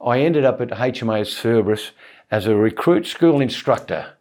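A man, a comedian guest telling self-deprecating anecdotes in a relaxed, rambling interview. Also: mid-range voice, moderate pace. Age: 70s. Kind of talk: casual interview storytelling.

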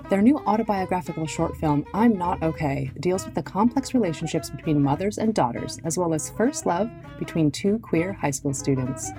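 A woman host reads a scripted outro with a lively, rising and falling delivery. Her voice sits somewhat low for a woman. Clear plucked guitar music plays behind her. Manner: lively, read announcement. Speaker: podcast host.

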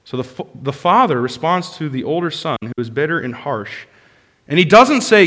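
A man preaching a sermon as a pastor, passionate, rising to loud bursts and dropping to soft, hushed lines. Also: medium pitch, big pitch swings, moderate pace. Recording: long hall reverb.

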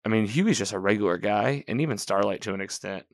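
A man's voice: on the low side, quick pace, dry recording, studio quality. A man casually recapping a TV episode, talking in a rambling way, correcting himself and quoting the characters as he goes.

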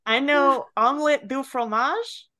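A woman's voice: sits high, animated, measured pace, crowd noise. A woman in a podcast group chat, playful and giggly.

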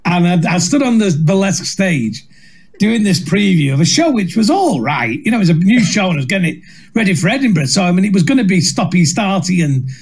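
A middle-aged man with a Manchester-area Northern English accent tells stories from his career. His voice sits high and sounds slightly husky, and it swings widely in pitch. He mocks himself and laughs through his anecdotes. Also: fairly quick. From England. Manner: lively, self-mocking, laughs through stories. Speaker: comedian guest. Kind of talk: anecdotal storytelling.

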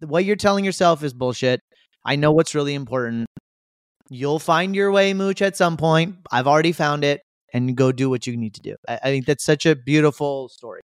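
A man's voice: a little high, fairly quick, smooth, no room sound, clean studio sound. A man co-hosting a podcast, chatting casually and backing up the others with emphasis. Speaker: podcast co-host.

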